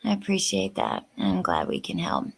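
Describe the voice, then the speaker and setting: A woman hosting a live stream, chatting casually and emotionally as she answers viewer comments, sometimes sinking to a soft near-whisper. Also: rumbling low, wildly swooping pitch, moderate pace, creaky, slightly rough. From West Virginia. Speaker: livestream host.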